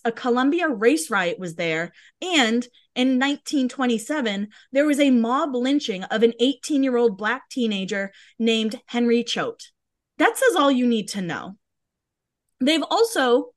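A woman co-hosting a podcast in casual chat, talking bluntly and heatedly and swearing freely. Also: on the high side. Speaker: podcast co-host.

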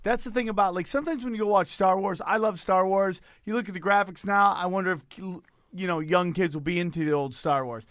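A man with a high, light voice talking in a laid-back, agreeable way and throwing in dude often. The recording is dry and close. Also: brisk, fairly bright tone, dry recording. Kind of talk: casual chat.

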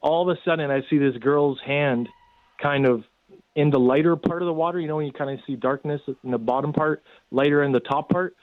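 A man's voice: a little high, a little fast, dry recording. Man telling a story over a tinny phone line. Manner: rambling, many "you know" fillers. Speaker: guest telling a rescue story. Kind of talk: casual storytelling.

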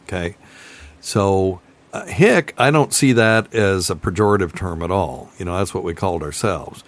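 A man's voice: deep voice, moderate pace. A middle-aged man from the North Carolina mountains hosting a casual call-in podcast, chatting in a folksy, chuckling way. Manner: easygoing, chuckling, folksy storyteller. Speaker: podcast host taking calls.

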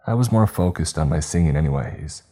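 A man tells a first-person story in a very low, mellow voice with a husky texture. His delivery is steady and even. Soft music sits faintly beneath him. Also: brisk. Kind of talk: storytelling narration.

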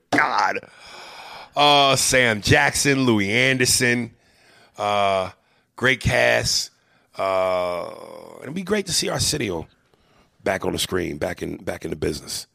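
A man co-hosting a casual chat, talking animatedly and profanely and slipping into quick impressions. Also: lowish voice, animated, gravelly, sharp tone, no echo, clean studio sound. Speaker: podcast co-host. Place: hotel room.

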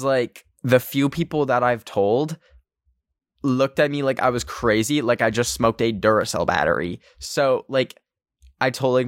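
A man's voice: mid-range voice, dry recording. Young man, solo podcast host, nervous rambling, filler-heavy, dry close sound. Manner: anxious, rambling, heavy use of filler words. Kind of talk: casual solo podcast monologue.

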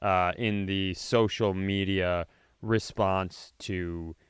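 A podcast co-host chatting casually, supportive and quick when he makes a point. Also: deep voice, fairly even intonation, clear, resonant tone, no echo, studio quality. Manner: supportive, quick reflective talk. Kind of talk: casual chat.

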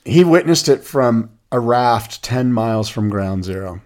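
Male podcast co-host, mid pitch, animated storyteller who rattles off lists. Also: measured pace. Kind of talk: casual chat.

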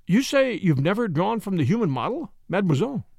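A man voicing a grave, kindly older art professor who speaks with measured fervor. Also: high-pitched, sing-song, gravelly, a little mellow, no echo, studio quality, voice pushed up, full character voice. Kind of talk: audiobook character voice.

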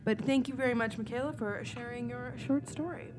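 A woman's voice: on the high side, a little fast, background noise. A woman hosting a podcast, chatty as she thanks listeners and introduces their stories. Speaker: podcast host.

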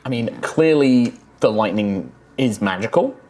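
A man narrating as game master of a tabletop game, relaxed and a little hesitant, with frequent fillers. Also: mid-range voice, a little slow.

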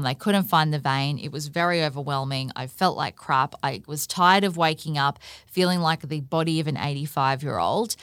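A woman's voice: deep voice, no echo, studio quality. A woman hosting a solo podcast, talking frankly and casually, with swearing and many fillers like "like" and "you know". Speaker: podcast host. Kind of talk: candid solo podcast monologue.

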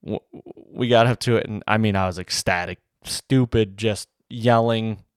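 A man recounting a bowhunt in a casual, rambling and excited way, full of fillers like "you know". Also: on the low side, normal speed, clear, resonant tone, dry recording, clean studio sound. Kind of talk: casual storytelling to camera.

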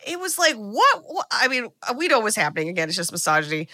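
Woman podcast host retelling a movie, bright voice, dry close mic, says like a lot, swears some. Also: on the high side, sing-song, quick pace, no room sound. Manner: chatty, frequent "like", swears freely. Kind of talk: casual film recap chat.

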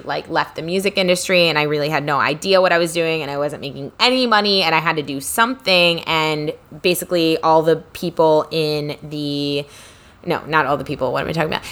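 A woman's voice: lowish voice, a bit bright. A woman in her thirties co-hosting a podcast, telling stories in a chatty, laughing way. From Northeast US. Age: 30s. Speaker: podcast co-host. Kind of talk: casual chat.

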